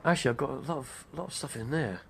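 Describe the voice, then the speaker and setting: Older guy, gravelly voice, rambling live-stream host. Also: medium pitch, fast, slight background noise. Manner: chatty, digressive, name-dropping. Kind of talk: rambling casual monologue.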